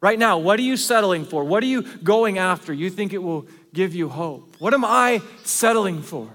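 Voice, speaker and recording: A pastor with a fairly high voice delivers an earnest sermon, swinging from forceful emphasis to quiet, hushed asides. His words ring out with a long reverb in a large church hall. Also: animated, normal speed.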